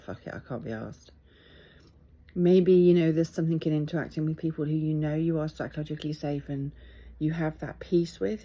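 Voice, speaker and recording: Weary, husky middle-aged Englishwoman. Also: on the low side, dark tone. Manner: candid, halting and reflective, with restarts. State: tired and teary. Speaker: vlogger. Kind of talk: personal video diary.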